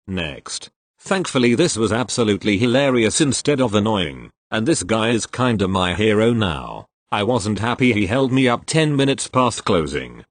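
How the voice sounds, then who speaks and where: A man's voice: on the low side, no echo. A man reading online retail stories aloud in a conversational storytelling way, adding casual asides. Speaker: narrator reading online posts.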